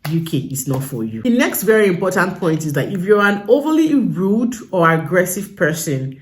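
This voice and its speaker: A young adult woman with a Nigerian English accent, giving casual advice in a vlog and driving home her points with emphatic repetition. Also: on the low side. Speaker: vlogger.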